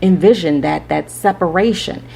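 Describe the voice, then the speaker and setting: A woman hosts a spiritual podcast in a lowish, husky voice with a dark tone and vocal fry, at a moderate pace. Addressing listeners head-on, she gives rambling, preachy advice and often checks in with "right?".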